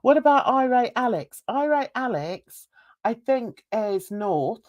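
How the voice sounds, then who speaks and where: A woman with a light London and Essex twang hosts a casual chat, rambling from one thought to the next and laughing often. She talks at an unhurried pace. The recording is dry and close. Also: fairly high pitch, big pitch swings, darkish tone, no room sound, muffled recording. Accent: mild London and Essex. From England. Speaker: channel host.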